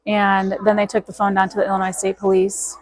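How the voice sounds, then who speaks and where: A woman's voice: mid-range voice, monotone, fairly quick, crowd noise, poor audio. A woman, a guest in an interview, telling her story emphatically and acting out the dialogue of each person in it. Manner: emphatic, quotes herself and others in dialogue.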